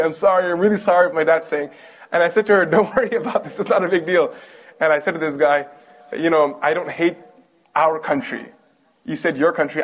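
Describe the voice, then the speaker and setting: Animated man lecturing. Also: on the high side, slightly rough. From Kentucky, USA. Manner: animated storytelling, asks audience questions. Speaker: Islamic lecturer. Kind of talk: lecture on prophets' stories.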